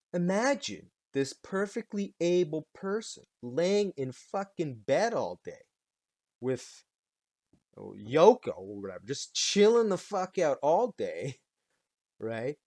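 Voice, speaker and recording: A man's voice: mid-range voice, darkish tone, no echo. A man hosting a solo podcast, ranting in a rambling, sarcastic and profane way. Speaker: podcast host.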